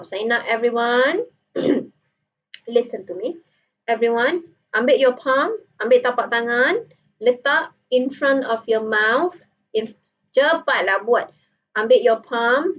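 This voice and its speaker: A woman's voice: high-pitched, recorded from a distance, dull audio. A woman with a Malaysian accent giving a phonetics lecture, playful and switching between Malay and English as she demonstrates sounds. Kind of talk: recorded online lecture.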